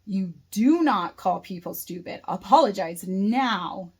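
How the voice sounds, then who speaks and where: A woman voicing a stern booming young man. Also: moderate pace, close to an everyday voice. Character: angry young man scolding a child.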